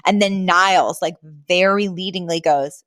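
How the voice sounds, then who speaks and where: A woman co-hosting a podcast, chatting casually about a sitcom episode, animated and laughing often. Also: fairly low pitch, normal speed, dry recording. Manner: animated, laughs often, acts out quoted lines. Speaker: podcast co-host.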